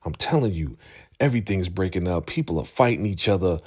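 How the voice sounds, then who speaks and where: A man voicing a pushy male henchman who insists it is time to attack, speaking in a low, husky, lively voice. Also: a little fast. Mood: insistent. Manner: insistent, urging.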